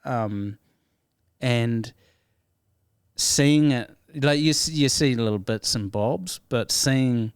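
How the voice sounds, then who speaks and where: A man with a New Zealand accent tells stories as a guest in a relaxed interview, his mid-pitched voice animated and breaking into laughs. The sound is dry and close, with no room around it. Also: slow pace, clear, resonant tone, no room sound. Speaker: guest comedian. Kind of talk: casual interview storytelling.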